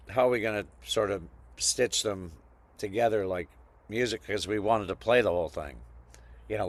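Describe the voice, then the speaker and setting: Low-voiced man reminiscing, unhurried. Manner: reflective, meandering storytelling. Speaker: guest musician. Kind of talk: casual interview conversation. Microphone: video call.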